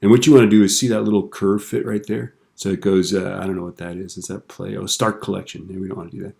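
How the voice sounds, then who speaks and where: A man teaching a screen-recorded software lesson in a relaxed way, tossing in corny jokes and tag questions, recorded at a computer. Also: low voice, quick pace, vocal fry.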